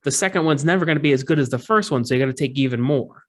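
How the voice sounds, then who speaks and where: Male podcast co-host, mid-pitched, loose and rambling, jokes a lot. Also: very fast. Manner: rambling, joking, lots of fillers and restarts. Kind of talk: casual podcast chat.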